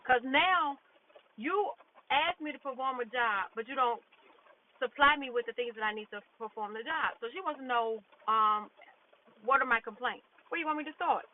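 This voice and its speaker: Speaking at a normal pace in a slightly high voice, this female vlogger recounts a work story in a casual, foul-mouthed, exasperated rant, quoting others' lines directly. The recording sounds thin, like a phone, with a little background noise.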